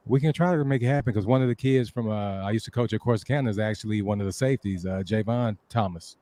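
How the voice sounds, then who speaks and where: A man who used to coach, co-hosting a sports talk show in a lively, joking way. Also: lowish voice, fast talker. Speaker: former coach, podcast co-host. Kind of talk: casual chat.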